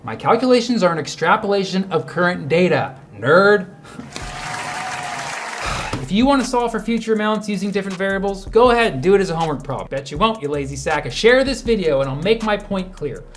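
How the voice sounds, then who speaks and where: A man's voice: high-pitched, expressive, a little fast, a faint crowd, a little hiss or hum. Teasing man doing a comic math bit. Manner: teasing, mock-insulting. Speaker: comedian. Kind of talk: comedic math video monologue.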